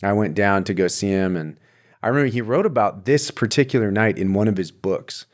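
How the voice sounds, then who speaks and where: A low-voiced man hosting a laid-back podcast conversation. He laughs easily and keeps a chatty, friendly flow as he tells his story. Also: fairly quick. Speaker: podcast host. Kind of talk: casual chat.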